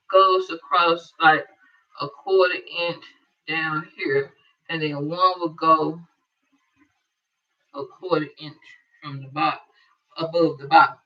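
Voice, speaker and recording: In this casual sewing tutorial, a quilting instructor chats and thinks aloud while working, her lowish voice carrying a sharp tone. The distant mic leaves the recording dull and lo-fi.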